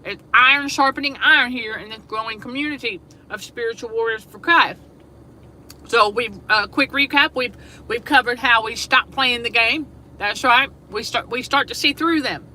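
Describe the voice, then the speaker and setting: Bright-voiced woman, laughing, emphatic host. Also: fairly high pitch, normal speed, rough recording. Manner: laughs often, emphatic and repetitive. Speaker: show host. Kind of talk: casual spiritual talk livestream. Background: air conditioner hum.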